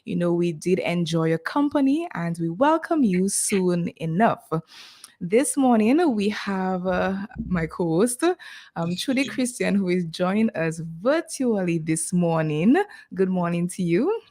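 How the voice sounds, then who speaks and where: A woman's voice: on the low side, lively intonation, unhurried. A woman co-hosting a radio health show in the studio, greeting listeners with frequent ums and uhs. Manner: warm greetings with frequent um and uh fillers. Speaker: radio co-host.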